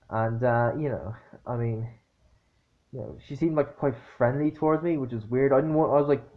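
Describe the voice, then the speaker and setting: A man tells a story straight to the camera in a loose, halting way, stumbling over fillers and restarts. He is blunt and swears easily, with an exasperated edge. His voice sits at an ordinary pitch, and the recording sounds dull and lo-fi. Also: fairly even intonation. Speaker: vlogger. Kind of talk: casual anecdotal storytelling.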